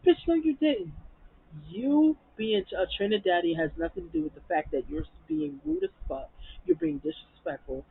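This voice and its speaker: A man's voice: high voice, big pitch swings, normal speed, vocal fry, breathy edge, phone-quality sound. A man recapping and reviewing a reality TV episode, blunt, profane and heated as he rants about the cast.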